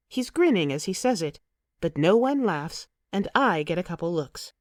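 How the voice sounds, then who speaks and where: Expressive woman narrating an audiobook. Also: on the low side, moderate pace, no room sound, clean studio sound. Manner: expressive, emotive storytelling. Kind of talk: first-person audiobook narration.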